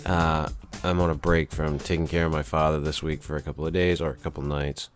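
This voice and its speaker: Deep-voiced laid-back male podcast host. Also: normal speed, music in the background. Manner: calm, low-key radio-style delivery; rambling, with frequent fillers and profanity. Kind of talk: casual webcast chat.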